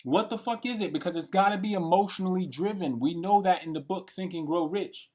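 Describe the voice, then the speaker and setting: Fairly quick and high-voiced with a darkish tone, a man in his late twenties rants off the cuff for his vlog, rambling, blunt and full of swearing.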